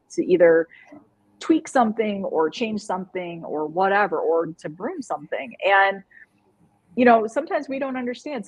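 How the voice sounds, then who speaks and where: A woman's voice: medium pitch, slightly rough, rough recording. A woman co-hosting a live online show, chatting casually and animatedly, often laughing and rambling. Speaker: co-host. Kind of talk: casual live-stream chat.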